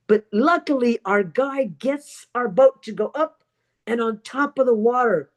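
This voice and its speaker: A woman's voice: high-pitched, animated. A woman telling a dramatic personal story as a speech at a public speaking club. She acts out other people's lines and repeats words for emphasis. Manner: emphatic, with deliberate pauses and repetition.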